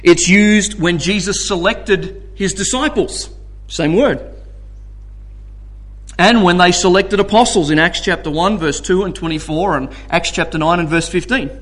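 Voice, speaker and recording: High-voiced man preaching a teaching sermon. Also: a little slow, fairly bright tone. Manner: conversational, keeps checking in with the audience. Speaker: preacher teaching a Bible study.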